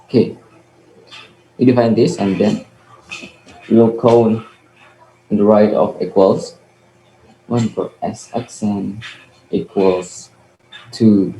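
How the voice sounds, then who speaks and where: Over a video call, a young adult student with an Indonesian accent, not a native English speaker, explains physics calculations in a mellow, fairly low voice with fairly even intonation. He takes it slowly with long pauses, hesitant, frequently saying "okay" and correcting himself. The room is echoey, with faint background noise.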